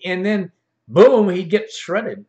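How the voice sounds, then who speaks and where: Eager interviewer, fairly high male voice. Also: big pitch swings, slow pace, darkish tone, highs cut off. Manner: eager, frequent backchannel agreement. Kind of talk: casual interview chat.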